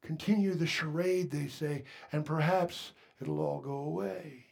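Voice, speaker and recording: A man preaching a sermon, moving from quiet asides to raised, emphatic lines and asking the congregation questions. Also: a little high, measured pace, vocal fry, husky. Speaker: pastor.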